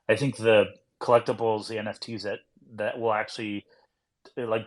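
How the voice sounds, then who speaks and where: A man with a lowish voice chats casually on a podcast, rambling along with plenty of fillers and restarts. He keeps things loose and conversational. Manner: rambling, heavy use of "like".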